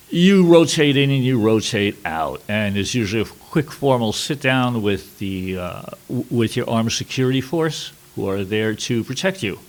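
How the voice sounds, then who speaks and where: A middle-aged man from New York City, a war correspondent telling a personal story at a workshop, halting with many fillers. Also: medium pitch. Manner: halting, with frequent fillers and restarts.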